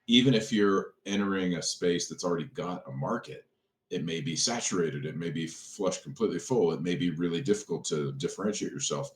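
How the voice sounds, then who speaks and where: A man who owns a restaurant, a podcast guest telling stories in a casual, animated way and acting out the people he quotes. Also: low voice, brisk. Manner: animated, acts out quoted dialogue. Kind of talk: casual storytelling conversation. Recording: echoey room.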